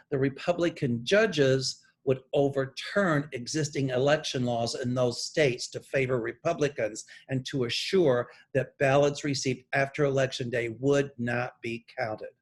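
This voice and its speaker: A man who works as a psychic speaks straight to camera, reading channeled messages from his notes in an earnest, emphatic monologue. His mid-range voice has a breathy edge, and his political commentary is deliberate and pointed.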